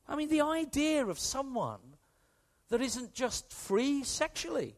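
A British man preaching a sermon with a British accent, in an animated, conversational way that swings from hushed to emphatic. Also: extremely high pitch, measured pace. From Britain.

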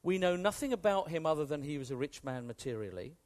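A British man preaching a sermon with a British accent, in an animated, conversational way that swings from hushed to emphatic. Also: a little high, fast talker. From Britain.

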